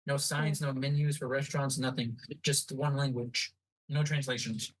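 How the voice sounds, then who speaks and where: A man's voice: mid-range voice, little pitch movement, normal speed, poor audio. A man co-hosting a podcast, rambling along in casual chat full of fillers and restarts. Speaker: podcast co-host.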